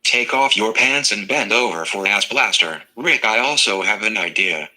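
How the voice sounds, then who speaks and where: A male text-to-speech voice reading viewer messages aloud in a flat, evenly paced machine delivery. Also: on the low side, moderate pace, rough recording.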